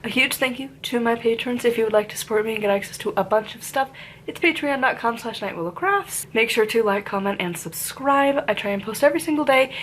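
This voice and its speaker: A woman reviewing a witchcraft book in a casual, rambling way, full of "like" fillers and lively asides, her voice congested from a lingering cold. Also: fairly high pitch. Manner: chatty, lots of "like" fillers, animated asides.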